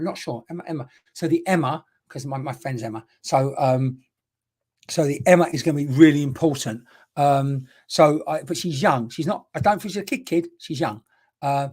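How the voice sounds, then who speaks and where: A woman's voice: deep voice, lively intonation, fast, a little mellow, slightly rough. A woman working as a spiritual medium, giving a live-streamed reading in a chatty, repetitive way and greeting viewers by name with endearments.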